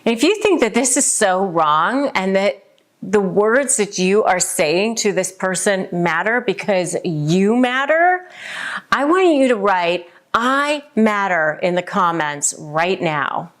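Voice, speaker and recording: A woman's voice: medium pitch, expressive, slow pace. A woman hosting a casual advice video who talks to camera in a conversational way, with many fillers. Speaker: host giving relationship advice.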